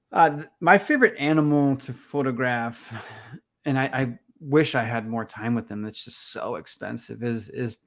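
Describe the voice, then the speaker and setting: A man's voice: mid-range voice, vocal fry. A man, a conservation photographer, talking casually as an interview guest and acting out his own reactions while he tells stories. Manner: animated storyteller, acts out his own reactions.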